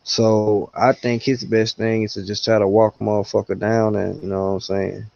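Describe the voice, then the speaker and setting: A man's voice: fairly low pitch, flat delivery, moderate pace, creaky, a little mellow, no room sound. Blunt slangy man, dull dry sound. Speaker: podcast co-host. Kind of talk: casual boxing chat.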